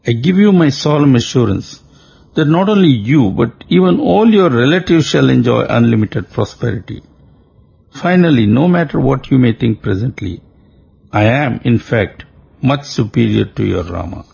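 A man's voice: medium pitch, animated, normal speed, gravelly, darkish tone, breathy edge, full character voice. A man reading the lines of a boastful, arrogant demon king in a grandiose, pompous manner, heard on a dull lo-fi recording.

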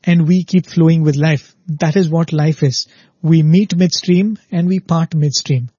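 A man's voice: a little high, measured pace, dark tone, husky, dry recording, muffled recording. A man giving a reflective spiritual talk, telling a parable and often checking in with "right?" and repeated "very, very". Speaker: spiritual speaker.

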